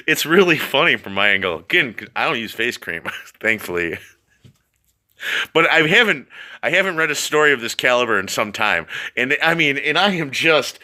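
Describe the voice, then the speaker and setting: Giggly man with a sharp, lively voice. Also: mid-range voice. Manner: keeps breaking into laughter, rambling asides. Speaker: vlogger reading out a news story. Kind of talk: casual commentary on a read-aloud story.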